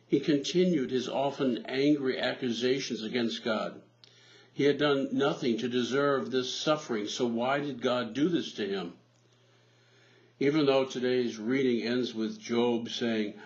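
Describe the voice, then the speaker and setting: Priest, male, mid-pitched, measured sermon storytelling, dull lo-fi recording.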